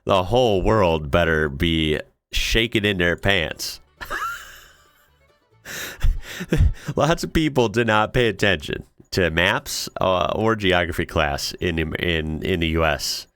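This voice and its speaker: A deep-voiced man riffs casually through comments on a reaction video, laughing often and sounding amused and incredulous. His voice is dry and close, with faint music in the background. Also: wildly swooping pitch, slow, a bit bright, clean tone, dry recording. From United States.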